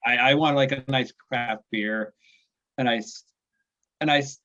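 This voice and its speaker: A man in his forties from the USA, a podcast guest talking casually in a halting way, restarting his sentences and chuckling at himself. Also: mid-range voice, steady tone, bright, forceful tone, lo-fi sound. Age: 40s. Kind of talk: casual chat.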